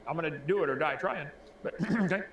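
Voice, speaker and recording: A man reading out facts and asking folksy rhetorical questions, clearing his throat now and then, played back as a clip. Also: a little high, fast talker, fairly bright tone. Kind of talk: reading and commenting on a creationist video. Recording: echoey clip with faint ambient noise.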